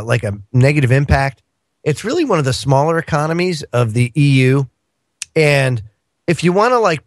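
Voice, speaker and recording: A man's voice: a little high, dry recording, clean studio sound. A man appearing as a guest on a radio talk show, chatting casually about politics in a rambling way, with lots of fillers and chuckles.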